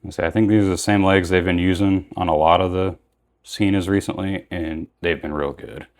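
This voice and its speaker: A man's voice: sits low, fairly even intonation, brisk. A young man giving casual, rambling commentary while unboxing and reviewing action figures, often correcting himself mid-sentence.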